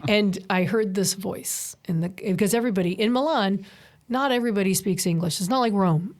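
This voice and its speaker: Woman, middle-aged, from New York, podcast guest, blunt swearing storyteller, acts out quotes, mid pitch. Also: brisk. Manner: swears freely, animated storyteller acting out quotes. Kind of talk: casual podcast chat.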